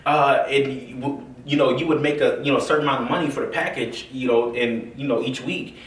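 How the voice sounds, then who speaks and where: A man from the American South telling his own story in a casual, animated way, full of fillers and acted-out quotes. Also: mid-range voice, a little fast, slight background noise. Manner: animated, acts out quoted voices, many fillers. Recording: roomy, from a distance.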